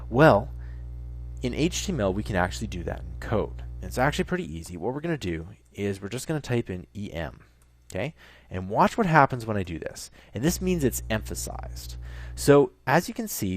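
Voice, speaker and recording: A man teaching a coding tutorial, calmly talking through each step as he types. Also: lowish voice, normal speed, soft background music. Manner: relaxed, talks through steps as he types. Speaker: coding instructor. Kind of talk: screen-recorded coding tutorial.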